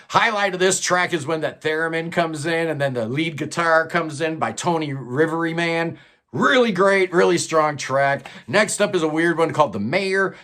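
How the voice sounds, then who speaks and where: A man with a fairly high voice talks through an album track by track in a casual, rambling way. He sounds enthusiastic and leans on lots of "uh" fillers as he goes. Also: fairly bright tone. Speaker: music reviewer.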